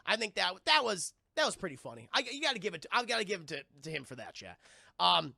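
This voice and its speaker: A man recapping a film on a live stream, rambling and profane, talking to his chat and slipping into shouted character bits. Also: high-pitched, very animated, quick pace, gravelly, no echo, clean studio sound.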